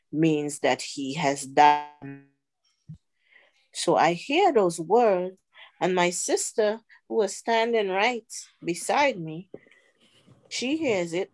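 A middle-aged woman with a somewhat low voice tells a personal testimony. She speaks very slowly and earnestly, pausing often between phrases. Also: a little mellow. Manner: earnest, slow storytelling with pauses. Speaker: podcast guest.

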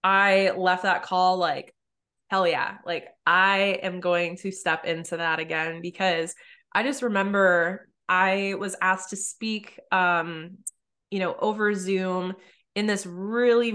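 A woman hosting a podcast, telling stories in a casual, animated way with lots of "like". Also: lowish voice, unhurried. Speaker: podcast host. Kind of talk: casual interview chat.

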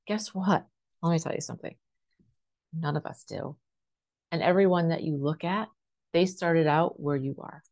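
Low-pitched female life coach; direct motivational delivery full of rhetorical questions. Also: normal speed, long pauses, a little mellow. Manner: direct, asks rhetorical questions, keeps checking in with "right?". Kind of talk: motivational talk to camera.

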